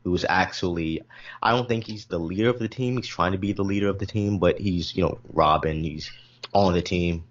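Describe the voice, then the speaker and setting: A man's voice: deep voice, fairly quick. A young man co-hosting a podcast, talking casually in a blunt, sarcastic, joking way. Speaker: podcast co-host. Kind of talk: casual chat. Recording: dull lo-fi audio.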